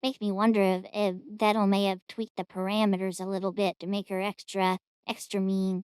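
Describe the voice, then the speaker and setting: A woman's voice: mid-range voice, level tone, fairly quick, darkish tone, clear, resonant tone, no echo, clean studio sound. A woman hosting a reaction stream, commenting in a chatty, rambling, amused way.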